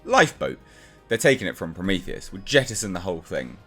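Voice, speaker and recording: A man's voice: low-pitched, big pitch swings, fairly quick, a bit bright, soft background music. A man reviewing a comic book in a casual, exasperated and sarcastic rant.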